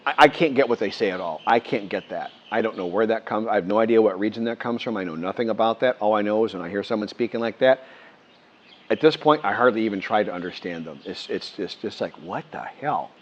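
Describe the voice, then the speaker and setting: A man's voice: lowish voice, quick pace. Rambling older American man, muffled. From United States. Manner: rambling, many restarts, animated quoting. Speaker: vlogger. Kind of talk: casual talk to camera. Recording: muffled lo-fi sound.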